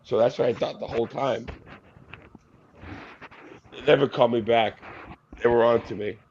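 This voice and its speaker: A man co-hosting a casual show, rambling through jokey stories with a gravelly voice. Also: mid-range voice, fairly even intonation, normal speed, a little mellow, muffled recording, a little hiss or hum. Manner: rambling, jokey storyteller, yelps in mock pain. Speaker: podcast co-host. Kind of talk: joking casual banter.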